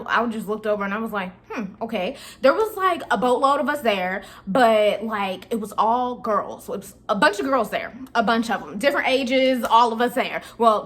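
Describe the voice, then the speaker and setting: A woman's voice: fairly high pitch, a bit bright. A young woman vlogger telling a casual storytime, chatty and slangy, talking straight to her viewers.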